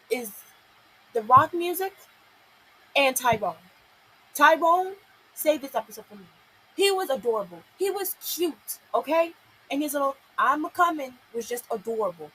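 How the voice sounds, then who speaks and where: A woman's voice: high voice, pushed and bright, a little hiss or hum, poor audio. A young woman giving a solo vlog review of a cartoon episode, exasperated and often apologizing, repeating her points.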